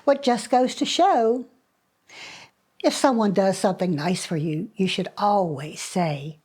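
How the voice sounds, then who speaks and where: A woman storyteller telling a fairy tale to children in an animated, expressive way with dramatic pauses. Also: mid-range voice, slightly rough.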